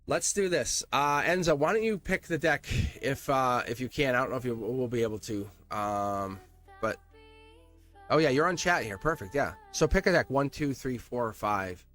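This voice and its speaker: A man's voice: medium pitch, animated, normal speed, a bit bright, soft background music. A man hosting a live-streamed tarot reading, speaking earnestly and emphatically and repeating himself for emphasis. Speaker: tarot reader.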